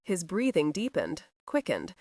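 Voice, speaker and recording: A woman narrating a historical romance audiobook in an expressive storytelling manner. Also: fairly low pitch, measured pace, no room sound, clean studio sound. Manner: expressive, voices each character.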